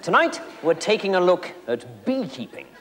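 A man's voice: sits high, very animated, moderate pace. Prissy interviewer guy on stage, nervous tics, echoey theatre with noise behind. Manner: prim, fussy, nervous tics of shushing and quacking. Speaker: comic sketch interviewer. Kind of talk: live stage comedy sketch. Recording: live theatre stage with hall reverb and noise.

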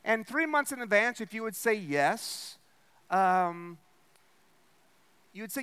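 Male pastor, high bright voice, sermon to a congregation, keeps checking they follow. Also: measured pace, pauses often, smooth. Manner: explains with repeated "okay?" and "right?" checks; acts out the host's lines with a raised voice. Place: church.

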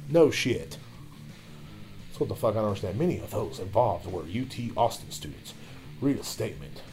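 A man's voice: lowish voice, animated, moderate pace, darkish tone, faint music behind. A man hosting his own podcast, ranting loosely with constant swearing while he drinks a beer. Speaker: podcast host. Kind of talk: profane solo podcast rant.

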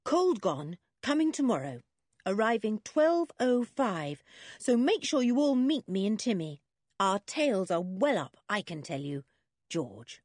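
An eager, noisy tomboy girl bursts out of a children's storybook, as a woman reader plays her. The voice sits higher than the reader's own, husky and bouncy, with a dry close sound. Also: very animated, unhurried, darkish tone, no echo. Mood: cheerful. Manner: bouncy and enthusiastic.

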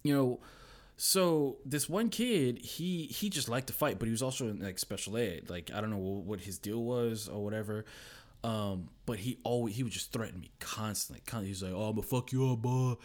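A young man telling stories as a podcast guest, lively and quoting people in put-on voices. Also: lowish voice, normal speed. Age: young adult. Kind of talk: casual storytelling chat.

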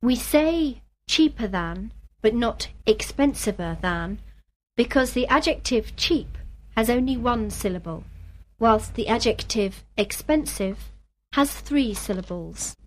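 Slow, careful woman answering drills. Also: fairly high pitch. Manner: steady, careful full-sentence answers. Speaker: student.

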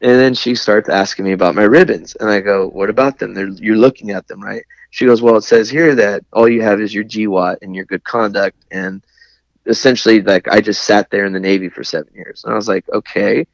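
A man's voice: fairly low pitch, fairly even intonation, fairly quick, vocal fry, dry recording. Candid man telling a story, muffled sound. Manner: candid, wry, laughs at his own anger. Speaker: guest, Navy veteran. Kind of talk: conversational storytelling.

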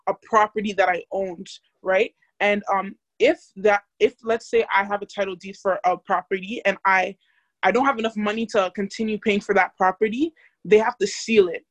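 A woman's voice: medium pitch, dry recording. A young woman casually teaching a Bible study, chatty and full of fillers, asking the group questions.

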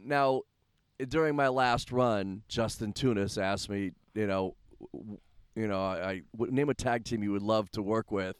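A man's voice: fairly low pitch, unhurried, clear, resonant tone, dry recording, studio quality. A man hosting a casual wrestling podcast who laughs often and explains things for listeners. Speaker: podcast host, wrestling manager.

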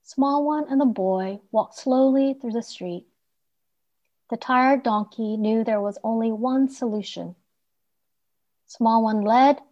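A woman reads a children's story aloud, gentle and expressive. Her voice sits fairly high and shifts with the tale's mood. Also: muffled recording.

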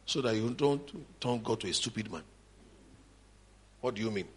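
With a lowish voice at a moderate pace, a middle-aged Nigerian-accented man preaches lively at a church conference, sometimes shouting and slipping into Yoruba.

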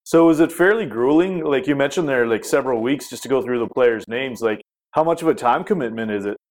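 Relaxed male podcast host. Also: medium pitch, fairly quick. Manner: relaxed, conversational, lots of fillers. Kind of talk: interview questions.

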